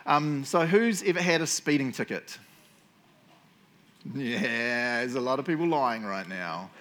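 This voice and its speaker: A man's voice: mid-range voice, animated, a little slow, fairly bright tone. A man preaching a casual sermon, telling stories in a jokey, self-mocking way and teasing his listeners. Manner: jokey, self-mocking storyteller who teases the audience.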